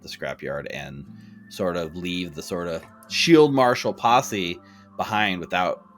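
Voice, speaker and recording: A man's voice: sits low, slow pace, faint music behind. A man running a tabletop role-playing game, narrating the scene with frequent fillers and restarts. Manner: relaxed, hesitant narration with fillers. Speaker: game master.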